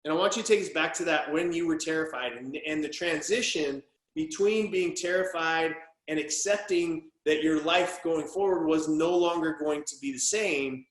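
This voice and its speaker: A man hosting a podcast, asking questions and telling stories in a chummy, animated, casual way. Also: fairly high pitch, moderate pace. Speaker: podcast host. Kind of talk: casual interview chat. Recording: roomy echo.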